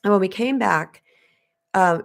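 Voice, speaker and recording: A woman's voice: medium pitch, unhurried, creaky. A woman spiritual coach from Arizona telling a personal story on a live stream, chatty and conversational, talking straight to her viewers.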